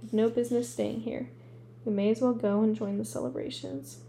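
A woman reading the part of a calm, gently wry old male wizard. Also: on the high side, brisk, creaky, a little hiss or hum.

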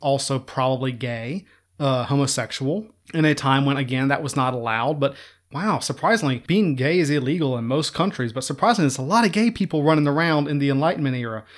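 A man's voice: mid-range voice, brisk. A man giving an informal history lecture in a chatty, sarcastic way, laughing at his own jokes.

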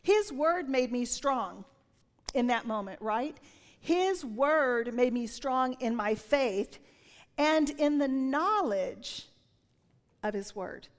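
A woman in her sixties delivers a sermon full of personal testimony, a slightly high voice, animated, dipping into whispers. Her words ring out with the long reverb of a big church hall. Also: takes it slowly. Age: 60s. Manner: animated storytelling, drops to whispers when quoting. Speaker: preacher.

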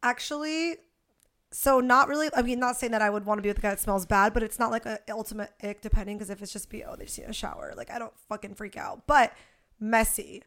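A woman's voice: a little high, brisk, fairly bright tone. A young woman co-hosting a podcast in casual chat, talking bluntly and frankly with a lot of swearing. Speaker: podcast co-host.

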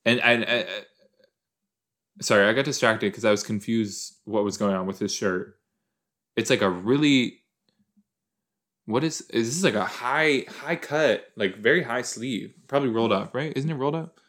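This male podcast host has a mid-range, slightly bright voice and keeps a moderate pace. Into a corded desk mic, he rambles and jokes through casual rewatch commentary, thinking out loud as he goes.

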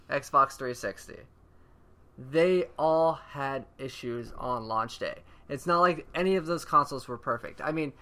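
A man's voice: a little high, bright, forceful tone. A man co-hosting a podcast, chatting casually about games and steering the conversation back on topic. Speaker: podcast co-host. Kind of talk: casual chat.

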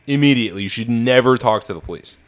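A man's voice: medium pitch, fast. A man co-hosting a casual true-crime podcast, reacting bluntly and swearing freely. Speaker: podcast co-host.

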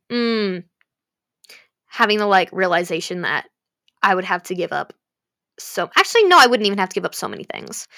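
A woman's voice: medium pitch, fairly bright tone, no echo, clean studio sound. A young woman talking candidly to camera in a rambling, self-deprecating way, swearing freely. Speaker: vlogger. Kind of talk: candid personal vlog.

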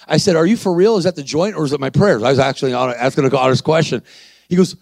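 A man's voice: on the high side, expressive, fast, creaky, a little mellow, no room sound. A man preaching a sermon, acting out dialogue in his story and calling out to the congregation. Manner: acts out dialogue, calls to the crowd.

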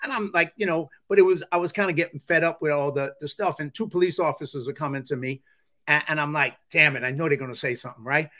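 A man hosting a podcast who talks in a calm, conversational way and tells stories casually. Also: fairly high pitch, quick pace. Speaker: podcast host. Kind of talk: casual interview talk.

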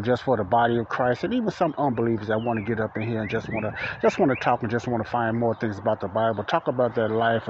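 A man from Chicago hosts a casual Christian podcast in a loose, repetitive, informal way. He speaks into a smartphone held close while standing outdoors. The sound is dull and lo-fi, with loud wind throughout. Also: mid-range voice. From Chicago, USA. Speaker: podcast host.

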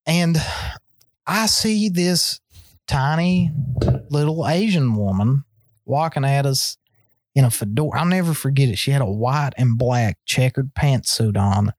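A man's voice: measured pace, dry recording. A man spins a story for his podcast co-host, cussing freely and letting his voice leap up when the story gets good. His voice sits in a middle range and sounds close and dry on the mic, with no room sound. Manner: profane, animated storyteller with big pitch swings. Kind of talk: casual storytelling chat.

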